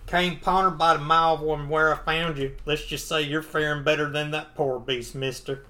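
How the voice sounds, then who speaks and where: A man's voice: fairly high pitch, little pitch movement, a little fast, bright, forceful tone. A man voicing a chatty, nerdy frontier man with glasses who rambles on and on. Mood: rambling. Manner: rambling, talks on and on.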